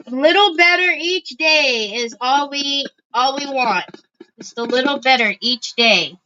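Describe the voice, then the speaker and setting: Woman, craft livestream host, chatty, talks to viewers while working, fairly high voice, slightly muffled audio. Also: a little slow, sharp tone, slight background noise. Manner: chatty, answers viewers' comments and thinks aloud.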